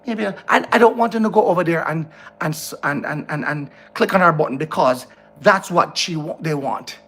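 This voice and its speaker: A man's voice: on the high side, normal speed, fairly bright tone. A man with a Jamaican accent, speaking to camera in a frustrated, ranting vlog, repeating himself as he talks indoors. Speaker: vlogger. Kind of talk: heated monologue to camera. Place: indoor room.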